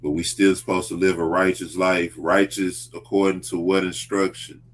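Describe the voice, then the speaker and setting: A man hosting a casual talk show about faith, speaking earnestly and deliberately. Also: deep voice, flat delivery. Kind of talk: casual religious discussion.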